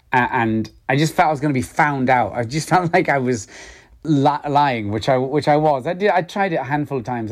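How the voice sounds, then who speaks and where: A middle-aged man with a Welsh accent talks through an interview at an ordinary pitch. He is reflective and hesitant, circling back and restarting phrases as he works out his thoughts. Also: a little mellow. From Wales. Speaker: actor guest. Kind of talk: interview conversation.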